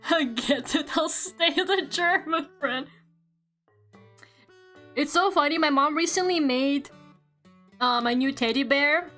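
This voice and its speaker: A woman with a high voice chats loosely on an art stream, swearing freely and laughing often between rambling thoughts. Her voice comes through a home desk microphone with faint music playing in the background. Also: takes it slowly, pauses often, pushed and bright. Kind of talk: casual chat while drawing on stream.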